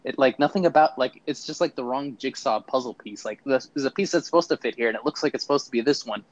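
A man's voice: mid-range voice, fast talker, highs cut off. Sarcastic man reviewing a movie. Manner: sarcastic, acts out mocking quotes. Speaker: podcast co-host. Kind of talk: casual movie review chat.

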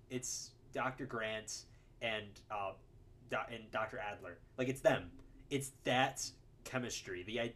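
Animated man chatting about films. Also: medium pitch. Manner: animated, laughs often, frequent restarts. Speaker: podcast co-host. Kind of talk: casual film discussion.

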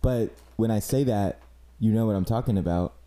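A young man with a very dark, mellow, low voice banters on a podcast, teasing his co-host and laughing often. His talk is loose and mocking. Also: moderate pace. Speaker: podcast regular guest. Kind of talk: casual chat.

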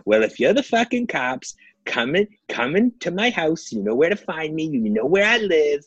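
A man's voice: a little high, very animated, moderate pace, slightly rough, no room sound, lo-fi sound, voice pushed up. A man putting on an angry, threatening middle-aged man who swears on the phone. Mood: taunting. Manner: swearing, aggressive.

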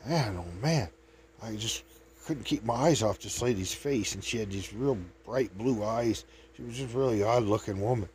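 A man's voice: lowish voice, moderate pace, darkish tone, a little hiss or hum. A man telling meandering anecdotes in a chatty, casual way. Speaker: vlogger. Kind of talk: rambling storytelling.

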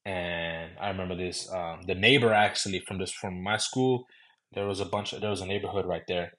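A man's voice: low-pitched, brisk, a bit bright. A young man from San Antonio, Texas, casually telling a personal story with loose, repetitive phrasing. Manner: loose, conversational, repeating "I remember". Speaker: podcast host.

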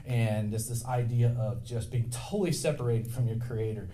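A male pastor preaching a sermon in a conversational, animated way, inviting the congregation to respond. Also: medium pitch, moderate pace.

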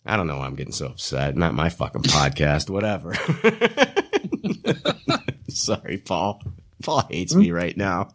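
A man's voice: low-pitched, big pitch swings, takes it slowly. A man hosting a podcast, teasing a guest in profane, mock-indignant banter and laughing often. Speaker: podcast host.

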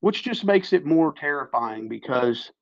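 A fairly high-voiced man rants emphatically and with plenty of swearing, like a podcast host. The sound is dull and lo-fi, with a dry, close room. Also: expressive, measured pace, no room sound. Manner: emphatic, profane, ranting. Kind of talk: casual political chat.

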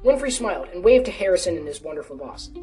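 A woman's voice: fairly low pitch, sing-song, fast talker, dark tone. Woman narrating a story from afar. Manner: casual, with small self-corrections. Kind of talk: storytelling reading of a fan fiction. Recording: distant mic with faint music.

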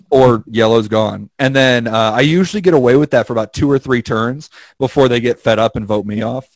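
A man talks casually on a podcast, where he's a co-host, with a medium-pitched voice at normal speed. His storytelling is animated, full of profanity and acted-out lines. It's a dry, low-quality recording.

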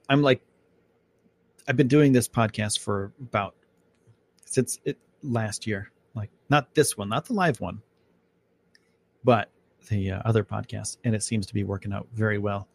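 Gravelly man rambling on a podcast. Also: on the low side. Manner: rambling, loose and chatty with many fillers. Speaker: podcast host. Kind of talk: casual live podcast chat.

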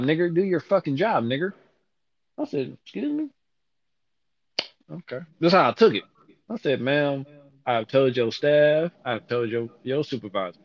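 A man telling a long, profane story to listeners, acting out the quotes with sudden jumps in voice. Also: no echo. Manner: animated, profane, acts out quotes with big pitch jumps. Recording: dull lo-fi audio.

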